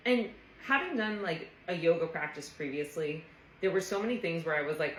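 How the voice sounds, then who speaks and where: A woman's voice: on the low side, animated, normal speed, echoey room, a little hiss or hum, rough recording. A woman therapist telling a personal story in a casual, earnest, reflective way, often saying "like". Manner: earnest, reflective, frequent "like" fillers.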